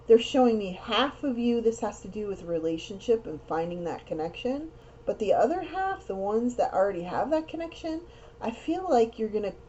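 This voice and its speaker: A young woman gives a casual tarot reading, talking earnestly and at length and circling back to repeat her words. Her voice is mellow and warm rather than bright. The recording sounds dull and lo-fi, with a faint hiss underneath. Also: medium pitch. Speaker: tarot reader. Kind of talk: casual spiritual card reading.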